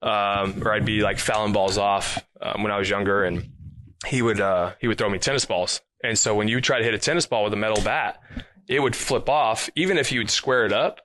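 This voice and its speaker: A man who plays professional baseball, telling stories in a casual, animated way with lots of fillers. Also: fairly low pitch, a little fast, no echo. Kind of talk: casual interview storytelling.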